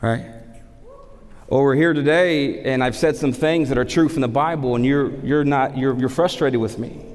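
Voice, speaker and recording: A man preaching a sermon as pastor, animated, asking rhetorical questions and repeating words for emphasis. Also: medium pitch, moderate pace. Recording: long hall reverb.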